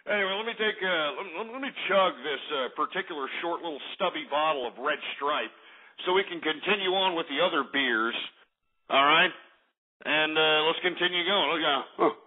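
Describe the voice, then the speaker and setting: A man from Texas hosting a call-in radio show, ranting loudly and profanely and ending lines with "all right?". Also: fairly high pitch, brisk. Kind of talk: brash call-in talk radio. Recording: phone-like lo-fi audio.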